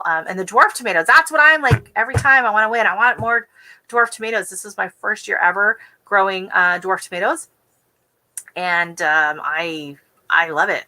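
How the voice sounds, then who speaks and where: A woman from the West Coast of the United States hosting a casual gardening livestream, talking quickly and chattily with easy giggles. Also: fairly low pitch, pushed and bright, rough recording. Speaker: gardening channel host.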